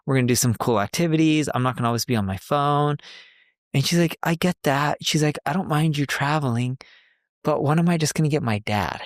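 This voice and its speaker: A man's voice: on the high side, expressive, brisk, dry recording, clean studio sound. A man in his forties co-hosting a podcast, telling a personal story in casual, conversational chat and quoting the people he talks about. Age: 40s. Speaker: podcast co-host.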